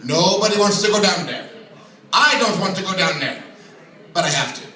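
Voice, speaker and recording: High, bright-voiced man doing stand-up. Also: animated, normal speed. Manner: self-deprecating, chatty storytelling with asides. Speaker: stand-up comedian. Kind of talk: open mic stand-up comedy. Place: small comedy venue with audience. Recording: echoey room recorded from far off.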